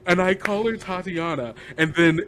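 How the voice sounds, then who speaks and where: A man, a game master guest, retelling a tabletop campaign session in a lively, rambling way, often laughing and filling gaps with "like.". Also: high voice, moderate pace. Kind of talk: animated storytelling recap.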